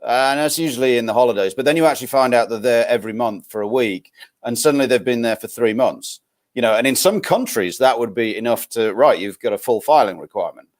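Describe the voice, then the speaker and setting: Northern english guy, guest on a live stream, mid pitch, explains things with lots of restarts. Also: animated, fast. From northern England. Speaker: guest tax expert. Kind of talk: casual live-stream chat.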